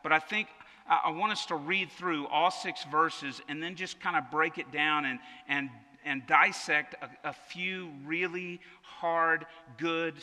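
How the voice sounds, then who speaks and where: A pastor with a strikingly bright, forceful voice pitched a little high delivers a sermon in a loose, conversational way. He doubles words as he restarts his thoughts, and a long reverb from the church hall trails after him.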